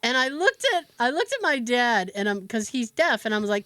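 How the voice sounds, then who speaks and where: A woman hosting a podcast, telling a story in a casual, animated way with laughs and swearing. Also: on the high side, fairly quick, hardly any pauses, no room sound. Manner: animated, laughing, profane, with fillers. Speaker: podcast host.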